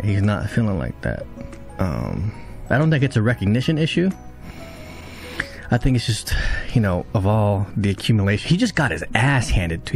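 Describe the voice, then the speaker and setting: A man watches an anime episode and reacts with casual, excitable commentary. He swears freely, and when he's shocked his voice jumps high.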